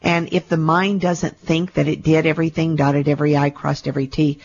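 A woman's voice: low voice, level tone, brisk, a little mellow, lo-fi sound. A woman hosting a call-in radio show, chatty and affectionate, calling callers sweetie and darling. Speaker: radio show host and intuitive reader.

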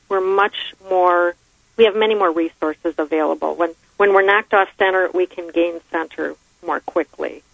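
A woman's voice: lowish voice, no room sound. A woman who analyzes handwriting, a guest on a radio show who explains reflectively with everyday examples. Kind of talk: radio interview by phone. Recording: tinny phone line.

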